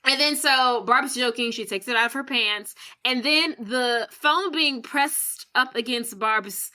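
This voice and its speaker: A woman co-hosting a podcast, recapping a film plot in a lively, casual way, acting out characters' lines and swearing freely. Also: on the high side, unhurried. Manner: animated retelling with quoted voices and swearing. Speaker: podcast co-host.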